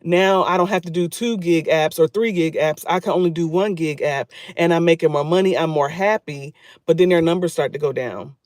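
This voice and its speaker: A man's voice: a little high, brisk, no echo, studio quality. A man talking casually to his viewers on a livestream, repeating phrases for emphasis. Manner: chatty, talks straight to viewers. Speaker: YouTube livestreamer.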